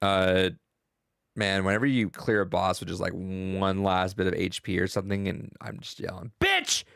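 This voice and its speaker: Young man, gravelly low voice, dry close sound, casual gaming podcast, swears a lot, rambling. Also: moderate pace, dry recording. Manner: profane, rambling, excitable. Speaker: podcast co-host.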